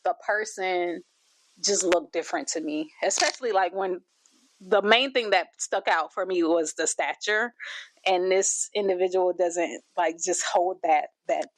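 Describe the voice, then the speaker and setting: A woman hosts a reaction video, chatting casually in a lowish voice at a measured pace. Her commentary is loose and chatty, full of fillers and restarts.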